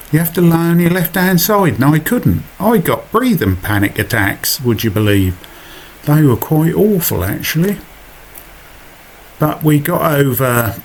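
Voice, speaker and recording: Chatty Suffolk man, slow and easygoing. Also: mid-range voice, a little hiss or hum. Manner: chatty, self-mocking, rambling asides. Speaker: vlogger. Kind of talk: casual narrated voiceover.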